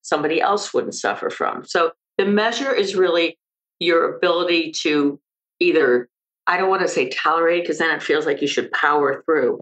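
An older woman, an expert guest on an interview podcast, explaining emphatically and telling lively stories. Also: sits low, poor audio. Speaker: maternal mental health expert guest.

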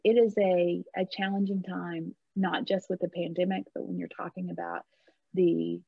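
A woman's voice: fairly low pitch, gravelly, slightly rough, no echo. A woman guest on a podcast, talking in a reflective, rambling way with frequent restarts. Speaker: guest, HR leader. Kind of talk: casual podcast conversation. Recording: dull lo-fi call audio.

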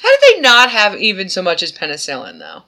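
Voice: mid-range voice, huge pitch swings, a little fast, pushed and bright. A podcast co-host in casual chat who rambles and slips into offhand character voices.

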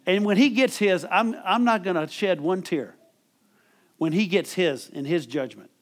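Preaching at a normal speed in a voice that sits high, a middle-aged pastor delivers an emphatic sermon. He keeps asking the congregation for amens in call-and-response fashion.

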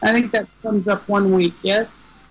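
A woman's voice: medium pitch, fairly even intonation, a little slow, rough recording. A woman co-hosting a podcast, reading out a list of releases with a few asides. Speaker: podcast co-host.

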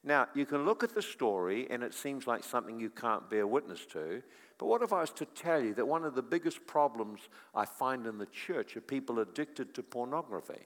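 A middle-aged man preaching a sermon, telling stories and swinging from quiet to loud. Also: mid-range voice, sing-song, brisk. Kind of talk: sermon with storytelling. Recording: long echo of a large hall.

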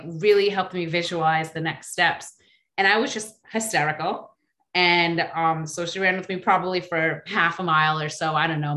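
A woman telling a personal story in a casual, animated way, with many fillers and restarts. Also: fairly low pitch, echoey room.

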